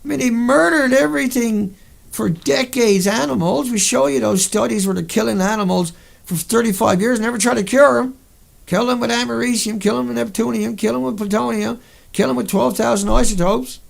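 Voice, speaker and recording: A man with a raised, high voice roughened by heavy fry. He talks as a video host in a furious, profane rant that breaks into sudden outbursts. His anger carries through every line. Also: a little fast. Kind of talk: angry monologue over pictures.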